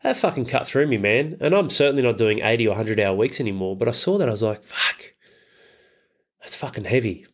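Middle-aged man, medium pitch, hard-hitting fathers' coach who swears freely. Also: animated, fast, few pauses. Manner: blunt, emphatic, heavy swearing. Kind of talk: motivational talk.

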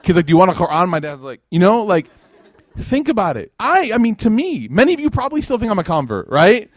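Male lecturer, higher voice, dry close sound, animated casual storyteller. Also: fairly quick, no echo. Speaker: Islamic lecturer. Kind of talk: religious lecture to a live audience.

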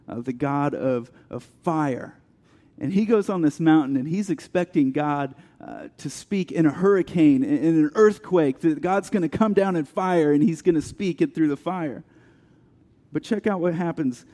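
A man preaching an earnest sermon as pastor, dropping to a hush for soft passages and building with rising questions. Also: fairly high pitch, moderate pace. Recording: long hall reverb.

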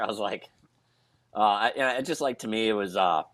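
A man, a military veteran, telling a war story in a halting way with many restarts and fillers. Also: lowish voice, fairly bright tone, dry recording. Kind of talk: casual storytelling.

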